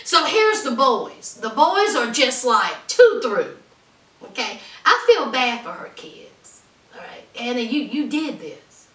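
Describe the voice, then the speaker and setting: Woman recap vlogger, high and bright, sassy and outspoken, recorded roomy and off-mic. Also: big pitch swings, takes it slowly. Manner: sassy, outspoken, calls viewers honey and y'all. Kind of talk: casual commentary. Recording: roomy echo, distant from mic.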